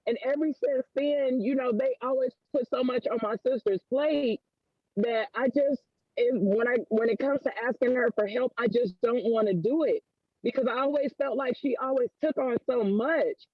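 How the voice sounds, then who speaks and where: Really high-pitched guy telling a heartfelt family story, earnest, muffled dry call audio. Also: moderate pace, dry recording. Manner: earnest, storytelling with quoted dialogue. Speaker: call participant. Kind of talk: personal testimony on a group call.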